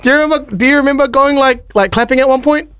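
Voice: high voice, quick pace, fairly bright tone, no echo. A radio co-host in a studio, teasing and laughing often in casual banter.

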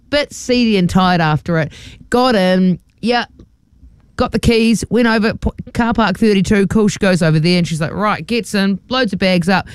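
A woman with a New Zealand accent, co-hosting breakfast radio, telling a story in a chatty, animated way full of quoted asides. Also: lowish voice, no echo, clean studio sound. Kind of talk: casual on-air storytelling. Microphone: studio microphone.

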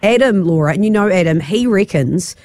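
A woman's voice: medium pitch, expressive, a little fast, a little mellow, a little hiss or hum. Woman, New Zealand accent, drive-time radio host, playful banter. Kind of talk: casual radio chat.

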